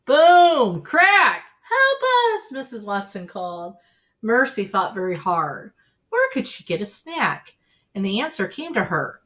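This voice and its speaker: A woman reading a children's storybook aloud in an expressive, animated way. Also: mid-range voice, unhurried. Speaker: storybook reader.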